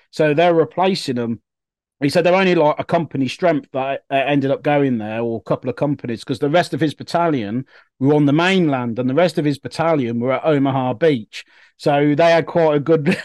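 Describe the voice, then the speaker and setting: A man's voice: a little high, darkish tone, no echo. A young man telling a story in casual podcast chat, rambling with many fillers and restarts. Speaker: podcast co-host.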